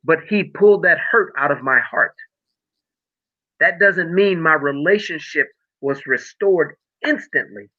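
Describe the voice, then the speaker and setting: Middle-aged man, fairly high voice, emotional testimony, tinny phone-like sound. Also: lively intonation, measured pace, bright, forceful tone. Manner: emotional, preacher-like storytelling. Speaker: podcast guest. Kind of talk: personal testimony in conversation.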